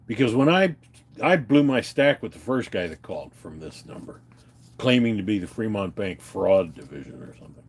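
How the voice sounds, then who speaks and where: A man's voice: on the low side, very animated, moderate pace, slight background noise. A man livestreaming an unscripted, agitated rant, swearing and telling his viewers about his grievances. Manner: agitated, profane, ranting and telling stories to viewers. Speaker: livestreamer answering chat.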